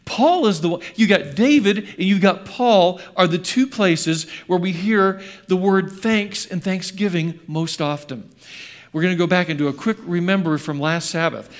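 An older male pastor preaches in church, slipping between fond family memories and questions to the congregation. His voice sits a little high for a man. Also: normal speed. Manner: storytelling, quizzes the congregation. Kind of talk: sermon with personal stories.

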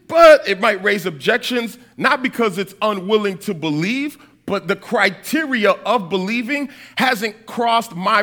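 A man preaching in a storytelling style, animated, checking in with his listeners again and again. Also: sits high. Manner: animated, keeps checking in with "right?". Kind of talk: storytelling sermon.

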